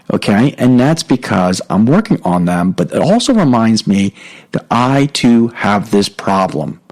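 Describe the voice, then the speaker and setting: A middle-aged man hosting a podcast, giving a casual, halting talk on faith with many fillers and restarts. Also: fairly low pitch, a little mellow, rough recording. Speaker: podcast host. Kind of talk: spoken teaching on faith.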